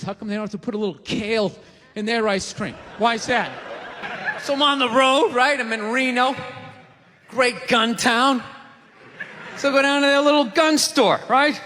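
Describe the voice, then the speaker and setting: A man in his forties doing a loud, profane stand-up comedy set on a theater stage. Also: very high-pitched. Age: 40s. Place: theater stage before an audience. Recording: live theater reverb, crowd noise.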